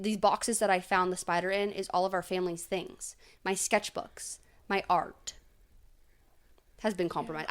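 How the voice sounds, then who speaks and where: A woman's voice: fairly low pitch, a bit bright. Young female podcast co-host, casual chat, rambling storyteller, heavy on "like".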